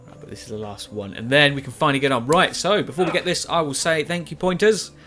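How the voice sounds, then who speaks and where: A man's voice: on the high side, fast, sharp tone, faint music behind. Rambling young man playing a game. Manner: rambling, self-correcting, chatty. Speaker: gaming YouTuber. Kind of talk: casual let's-play commentary.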